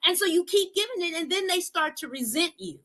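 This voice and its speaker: A woman's voice: very high-pitched, animated, brisk, a bit bright, poor audio. A woman giving an earnest motivational talk, repeating her points and often checking in with "right?". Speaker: motivational speaker.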